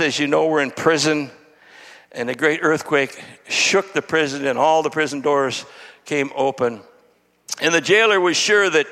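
A man, a visiting pastor, leading fervent prayer and preaching a sermon, often rising into shouted praise. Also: on the high side. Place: church sanctuary. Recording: long church hall reverb.

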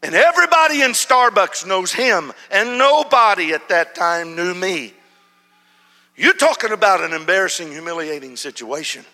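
Animated preacher in a reverberant hall. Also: male voice, high-pitched, moderate pace. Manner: animated, acts out shouts and whispers. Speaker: pastor. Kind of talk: sermon storytelling.

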